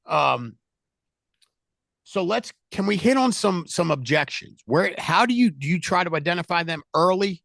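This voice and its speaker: A middle-aged man leading a sales team, talking loudly and animatedly in a casual coaching chat. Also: sits high, normal speed, gravelly, no room sound. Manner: loud, animated, talks with his hands.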